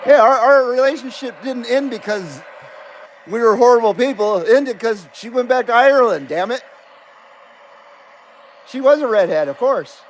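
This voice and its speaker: A man's voice: very high-pitched, animated, normal speed, long pauses, a little hiss or hum. A middle-aged man hosting a live CB radio stream, chatting casually and joking easily with radio contacts.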